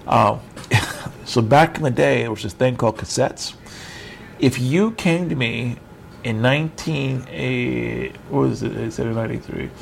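A middle-aged man delivers an informal sermon over a video call in a gravelly voice of ordinary pitch. He rambles in a conversational way and pokes fun at himself. A faint hiss sits under the voice. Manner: conversational and rambling, with self-mocking humor. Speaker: preacher.

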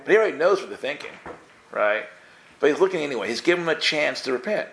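A man giving casual, playful Bible teaching, acting out the characters in quick voices. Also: on the high side, very animated, gravelly, fairly bright tone, a little hiss or hum.

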